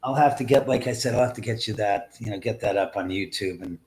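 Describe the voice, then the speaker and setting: A man hosting a live stream, swearing in frustration at technical glitches, swinging from muttering to shouting. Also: fairly low pitch, fast talker. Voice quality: loud profane outbursts, swinging from mutters to shouts. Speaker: livestream host. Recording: roomy echo, mic at a distance.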